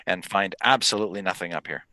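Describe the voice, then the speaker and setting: A man narrating as dungeon master in a tabletop game, amused and lively. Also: low-pitched, fast talker, dry recording.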